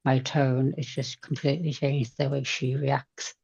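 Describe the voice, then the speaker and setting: A woman chatting in a group video call, lively when she acts out what she says to others. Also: rumbling low, a little slow, creaky, breathy edge, lo-fi sound. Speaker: group participant.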